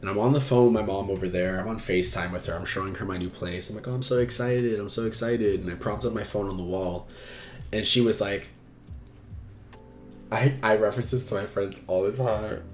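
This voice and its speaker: A man's voice: lowish voice, fairly even intonation, brisk, echoey room. A man hosting an advice livestream, talking frankly and casually with lots of fillers and swearing. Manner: frank and chatty, swears freely, many fillers. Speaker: advice stream host.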